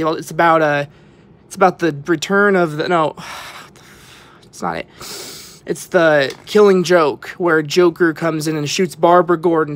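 A young vlogger giving rambling, stammering walkthrough commentary who often drops to a whisper. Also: medium pitch. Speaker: vlogger touring an exhibit.

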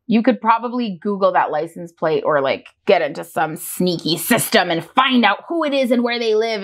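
Animated woman reacting to clips. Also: a little high. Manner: animated, exclaiming, laughing. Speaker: reaction video host. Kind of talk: reaction commentary.

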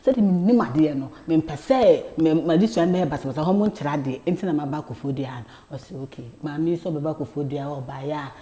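Ghanaian lady guest, warm low voice, animated storytelling, stumbles and repeats words. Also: fast, hardly any pauses. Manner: animated, repeats words, laughs while telling. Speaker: talk show guest. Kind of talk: casual storytelling chat.

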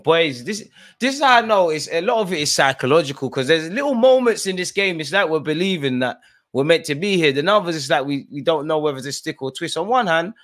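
Man, fan host of a live football watch-along, mid-range pitch; loud outbursts at players and ref, then low mutters. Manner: excitable, shouts encouragement and complaints at players and referee; drops to low muttered asides between outbursts.

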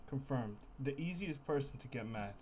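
A man's voice: medium pitch, animated, normal speed, darkish tone. A male streamer in casual live-stream chat, breathless and laughing hard between his words. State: laughing to tears.

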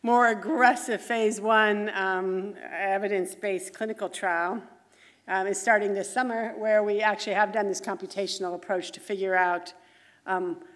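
A middle-aged woman, a physician and researcher, giving a brisk, chatty conference lecture full of asides. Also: mid-range voice, fairly even intonation, fairly bright tone. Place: large conference hall. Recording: reverberant lecture hall.

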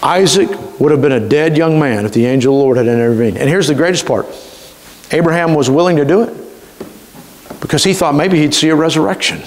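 A man pastor, preaching a sermon with emphatic delivery and slowly stretched key words. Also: fairly high pitch. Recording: reverberant church hall.

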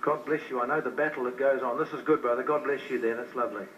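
A man preaching as an evangelist at a church service, urgently pleading with people to come forward, then slowly and carefully leading a prayer. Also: mid-range voice, steady tone, slight background noise. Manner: pleading, urgent, repeats invitations; slow, measured phrasing when leading prayer. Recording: distant, dull live recording.

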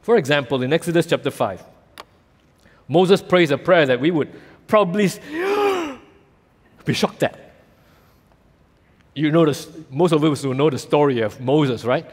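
A male pastor with a Malaysian English accent delivers a sermon in a slightly higher voice. He tells the story lively, jumping into acted-out voices for the people in it. The sound carries the long reverb of a church hall. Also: moderate pace, long pauses. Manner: animated storytelling, acting out voices in quoted lines.

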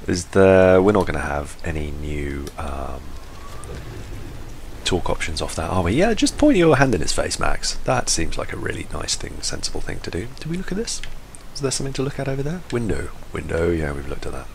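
A man's voice: low voice, sing-song, fairly quick, creaky, slight background noise, low-quality recording. A man giving casual let's-play commentary, rambling and jokey and going off on tangents.

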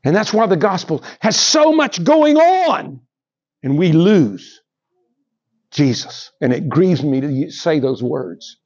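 A man preaching a sermon, swinging between raised, emphatic lines and hushed, drawn-out ones. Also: on the high side, sing-song, husky, muffled recording. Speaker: pastor.

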